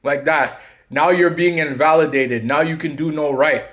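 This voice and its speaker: A man's voice: fairly high pitch, fairly even intonation, moderate pace, fairly bright tone. Rambling man talking to camera. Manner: rambling, full of "you know" and restarts; acts out quoted lines in his telling. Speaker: channel host and coach. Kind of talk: casual monologue.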